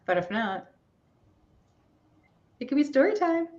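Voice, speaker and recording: A middle-aged woman hosting a livestream, leading a guided meditation and giving tarot readings in a gentle, casual, rambling way over a video call. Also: high-pitched, very animated, unhurried. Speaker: spiritual reader and stream host. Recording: dull lo-fi stream audio.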